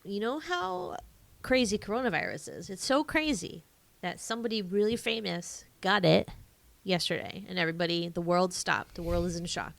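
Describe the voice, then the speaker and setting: A woman co-hosting a podcast, chatting casually in a quiet, dry way that trails off. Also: lowish voice, lively intonation, moderate pace, creaky. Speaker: podcast co-host. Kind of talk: casual chat.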